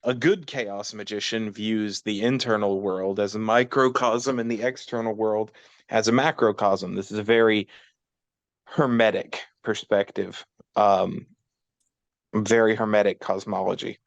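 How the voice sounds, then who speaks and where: A man co-hosting a casual podcast, explaining occult concepts in a measured, lecturing way. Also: fairly low pitch, fairly even intonation, dry recording, highs cut off. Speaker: podcast co-host, chaos magic practitioner.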